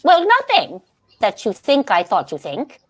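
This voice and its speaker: Brief: actress reading a flighty grande dame of the stage, giggly and scattered, bright voice that swoops high and low. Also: female voice, huge pitch swings, a little slow, full character voice. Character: dotty aging stage actress, theatrical, flighty. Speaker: actor in a staged play reading.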